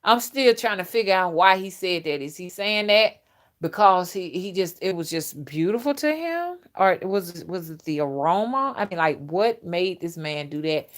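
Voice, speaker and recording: A spiritual reader talks in a blunt, graphic, unfiltered casual monologue and often laughs. Her voice sits somewhat low for a woman. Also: lively intonation, normal speed.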